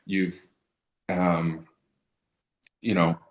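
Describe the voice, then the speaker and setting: Man co-host, very low voice, casual chat, hesitant with fillers. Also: little pitch movement, extremely slow. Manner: agreeable, hesitant, many fillers. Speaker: tarot co-host.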